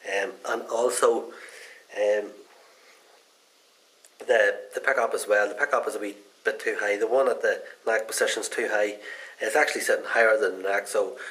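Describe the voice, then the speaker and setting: A man talks through a casual guitar repair demo in loose, rambling sentences. His voice sits a little on the low side, and his tone stays folksy and unhurried. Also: fairly even intonation, a bit bright, low-quality recording. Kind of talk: casual how-to demonstration.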